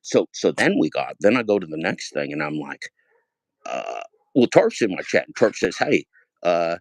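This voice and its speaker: A man in his fifties hosting a livestream, talking in a rambling, profane way, repeating phrases and swinging loud and high when worked up. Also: big pitch swings, normal speed, dry recording. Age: 50s. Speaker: livestream host. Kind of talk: casual livestream monologue.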